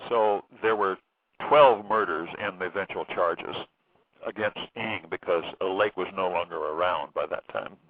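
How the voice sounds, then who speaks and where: A man speaking as an author guest in a phone interview, halting, with many fillers and restarts. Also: low-pitched, no room sound. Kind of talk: phone interview recounting a case. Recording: tinny phone line.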